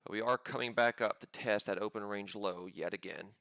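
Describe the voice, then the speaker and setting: A man giving live commentary on his own trades, pumped up and talking in quick excited bursts. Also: fairly low pitch, gravelly, dry recording, clean studio sound. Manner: hyped, pumped-up chatter with sudden bursts.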